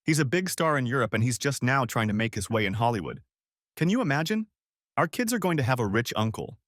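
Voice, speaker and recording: A man voicing an excited young wife who gushes over wealth in a story reading. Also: mid-range voice, a little fast, no echo, studio quality. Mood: thrilled. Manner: gushing, breathless questions.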